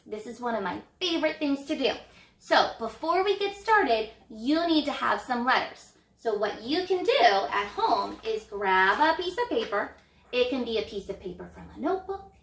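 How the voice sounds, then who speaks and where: A woman teacher walks young children through letter sounds in a bright, encouraging, sing-song voice. Her pitch sits a little high, and the room gives her words a noticeable echo. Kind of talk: early reading lesson for children.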